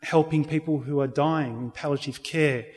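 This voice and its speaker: A man's voice: fairly high pitch, fairly even intonation, moderate pace, darkish tone. A man, speaking as an interview guest and telling an earnest personal faith story, with frequent restarts. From Australia. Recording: reverberant hall sound.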